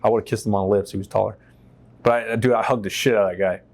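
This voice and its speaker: Lowish-voiced man telling a candid story. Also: rapid-fire. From United States. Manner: animated, profane, acts out quotes. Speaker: interview guest, veteran. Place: on a stage in a shop.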